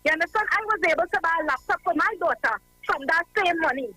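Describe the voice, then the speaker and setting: A Trinidadian woman calls in to a radio show, impassioned and fed up. Her voice is very high and bright, and the sound is dry and close. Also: animated, fast talker, no echo, poor audio. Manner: impassioned, fed-up, keeps asking "you understand?". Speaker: radio caller. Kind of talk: call-in radio talk.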